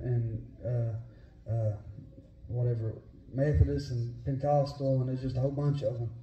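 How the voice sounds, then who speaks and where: A man with a West Virginia Appalachian accent preaching a sermon, folksy and fervent, at times rising to shouts. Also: mid-range voice, highs cut off. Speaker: pastor. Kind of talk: sermon with personal storytelling. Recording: echoey church room.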